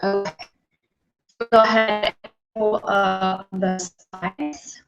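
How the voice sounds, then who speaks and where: A woman's voice: mid-range voice, steady tone, takes it slowly, gravelly, echoey room, dull audio, faint music behind. A woman co-hosting a live online sales webinar, upbeat and persuasive, repeating key points for emphasis. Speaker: webinar co-host.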